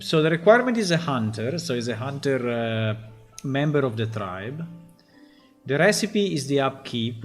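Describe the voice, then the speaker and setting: A man, a game developer, thinking aloud as he reads through code, halting and muttering puzzled asides to himself. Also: mid-range voice.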